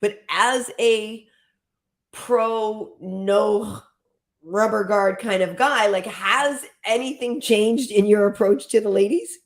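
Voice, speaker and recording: A woman's voice: mid-range voice, slow. A middle-aged woman hosting a casual show, laughing along and steering the conversation back on track. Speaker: host. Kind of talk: casual chat.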